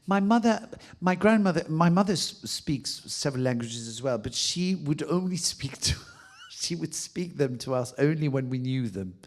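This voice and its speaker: A man from France with a French accent, a native French speaker and actor, answering audience questions in a playful, expressive way. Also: a little high, moderate pace, hardly any pauses. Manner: playful, expressive, laughs often. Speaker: guest author and actor. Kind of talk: audience Q&A conversation.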